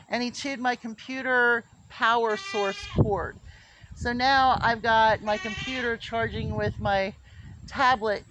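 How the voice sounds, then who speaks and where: A woman vlogging casually as she walks around her small farm outdoors, chatting to the camera and cooing at her animals in a sing-song voice. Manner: chatty, rises to high sing-song baby talk with animals. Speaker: homestead vlogger. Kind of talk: casual walking farm vlog.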